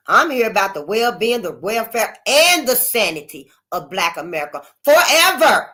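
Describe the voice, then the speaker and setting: A woman's voice: on the high side, big pitch swings, moderate pace, few pauses, bright, forceful tone. Older lady ranting casually to her channel, repeats herself a lot, keeps saying honey. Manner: emphatic and repetitive, calls listeners honey. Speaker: channel host. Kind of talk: casual unscripted monologue.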